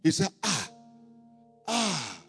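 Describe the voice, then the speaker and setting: High, animated pastor preaching. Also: male voice, slow pace, breathy edge. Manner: emphatic, repetitive, building to shouts. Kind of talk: sermon. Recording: long hall reverb, faint music.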